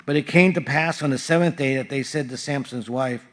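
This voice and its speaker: A man's voice: medium pitch, brisk, hardly any pauses, fairly bright tone. A male pastor reading Bible verses aloud and explaining them in a casual, conversational sermon with frequent fillers. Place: church sanctuary.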